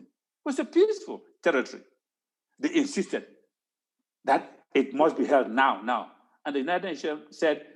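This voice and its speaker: A man giving an impassioned talk on history at an online town hall, stressing points by repeating words. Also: fairly high pitch. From Cameroon.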